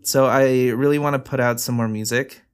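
A man's voice: mid-range voice, fairly even intonation, normal speed, clear, resonant tone. A man co-hosts a casual conversation, talking in an earnest, easygoing way. He laughs easily and chats with a friend. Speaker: podcast co-host. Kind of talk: casual chat.

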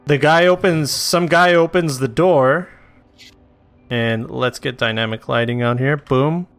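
Game master, male, mid-pitched and smooth, narrates loosely and casually. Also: a little slow, a bit bright, faint music behind. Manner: casual, swearing, loose storytelling with fillers.

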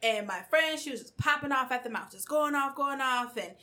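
A woman in her thirties telling stories in a casual chat, animated and acting out quotes. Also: high voice, fairly quick, noisy background. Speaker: guest.

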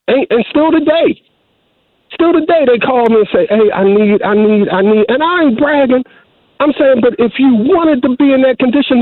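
A man's voice: very high-pitched, dry recording. Preachy man calling in on a tinny phone line. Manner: preachy, repeats himself, restarts often. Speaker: caller. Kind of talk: emotional call-in monologue.

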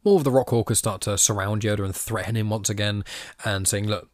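A man with a lowish, slightly mellow voice hosts a podcast, talking a little fast as he chats through a comic story. He reads quoted lines aloud in his own voice with a self-deprecating manner, and the recording is studio quality with no echo.

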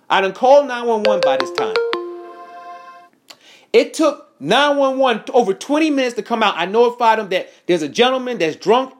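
Heated, profane man telling a story. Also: sits high. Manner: heated, profane, animated retelling with quoted dialogue. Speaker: veteran recounting an incident. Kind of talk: angry first-person account to camera.

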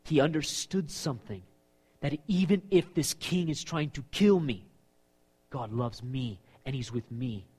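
A man delivering a sermon in an animated preaching manner. His voice sits a little high for a man and swings widely in pitch, rising when he acts out quoted voices and dropping low and soft for emphasis. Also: husky. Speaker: pastor.

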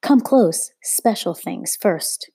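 A woman reading aloud voices a shrill, showy woman trader calling out to a crowd like a market hawker. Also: expressive, takes it slowly, dark tone, slightly rough, dry recording, heavily acted. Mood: hawking.

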